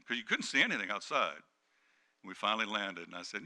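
A middle-aged male pastor preaching a sermon, dropping to hushed tones and then rising to loud, emphatic peaks. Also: fairly low pitch, normal speed. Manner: dynamic preaching, swings from hushed to shouting.

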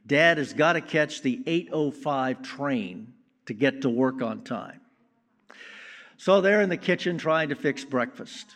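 Male preacher, slow deliberate sermon, slightly higher voice, long hall reverb. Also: fairly bright tone.

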